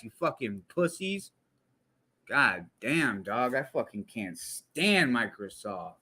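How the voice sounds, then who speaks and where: A man's voice: fairly high pitch, animated, a little slow, sharp tone, husky. A young man streaming live, talking bluntly in casual slang and swearing freely. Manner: blunt and profanity-heavy, heavy slang. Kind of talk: casual livestream talk.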